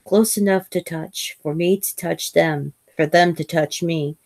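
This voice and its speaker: A woman with a low, deep-set voice reads a first-person novel aloud, measured and unhurried, now and then stumbling and restarting a phrase. The sound is dry and close, with no room around it. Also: fairly even intonation, creaky, a little mellow, no room sound. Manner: measured reading with small slips and restarts. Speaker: host reading a novel aloud.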